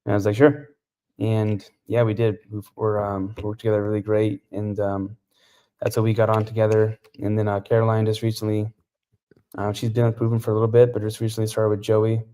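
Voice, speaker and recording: Man, low voice, monotone, relaxed halting chat, interview guest. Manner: relaxed, halting with many fillers. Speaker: CrossFit athlete, podcast guest.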